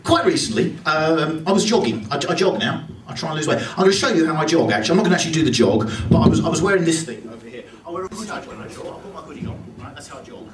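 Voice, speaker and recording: A man's voice: a little high, very animated, very fast, few pauses. A man performing a stand-up comedy set in a club, telling rambling self-deprecating stories. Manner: rambling anecdotal delivery with self-deprecating asides. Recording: echoey club from far off with loud crowd. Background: audience laughter.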